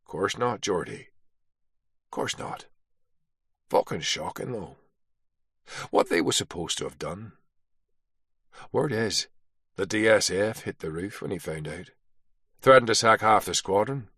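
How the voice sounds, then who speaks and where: A man's voice: fairly low pitch, animated, measured pace, pauses often, a bit bright, husky, no echo, studio quality, exaggerated voice. A man voicing a crude, joking Northern Irish army quartermaster in his fifties, blunt and full of swearing. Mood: confiding.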